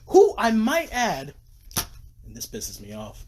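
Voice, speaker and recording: Male, slightly high voice, very animated. Sleep-deprived, rambling, profane movie fan on a phone stream at home. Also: slow pace, slight background noise. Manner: gushing, rambling, swears freely. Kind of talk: casual livestream rant. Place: room at home at night.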